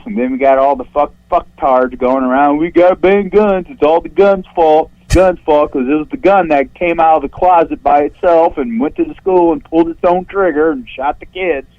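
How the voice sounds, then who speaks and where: A man from St. Louis calling into a show with a profane, angry rant, his voice jumping shrill when he gets worked up. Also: steady tone, moderate pace. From St. Louis, USA. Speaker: caller. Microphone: phone line. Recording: dull phone-line call audio.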